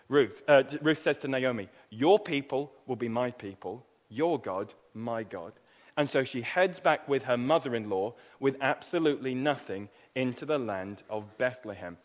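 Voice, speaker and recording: A man delivers a sermon with lively storytelling and emphatic repetition. His voice sits a little high for a man. It rings out in a hall with a long reverb tail. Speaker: preacher. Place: church hall.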